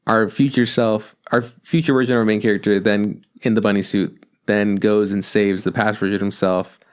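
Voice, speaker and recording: A man co-hosting a podcast, retelling a film's plot in a loose, animated, profanity-laced way and acting out the characters' lines. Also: on the low side, normal speed. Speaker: podcast co-host. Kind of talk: casual podcast chat recapping a film.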